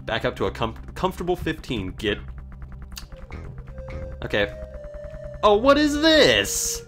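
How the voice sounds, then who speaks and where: A man's voice: a little high, huge pitch swings, slow, fairly bright tone, faint music behind. A man giving casual, sarcastic commentary while he plays a video game, joking and swearing at it. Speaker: let's play host.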